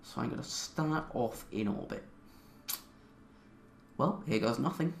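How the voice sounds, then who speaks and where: A man's voice: mid-range voice, measured pace, creaky, echoey room. A young man playing a space game, thinking aloud with many fillers and reading the tutorial text aloud. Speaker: gamer.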